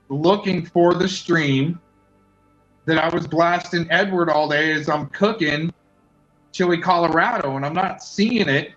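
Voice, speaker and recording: A man's voice: fairly high pitch, fairly bright tone. A man in casual chat who rambles and keeps exclaiming. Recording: muffled lo-fi with faint music.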